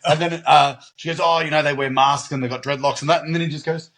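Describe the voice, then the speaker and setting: A man's voice: fairly high pitch, steady tone, quick pace, fairly bright tone. A man hosting a podcast, chatting casually and laughing often. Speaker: podcast host. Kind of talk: casual chat.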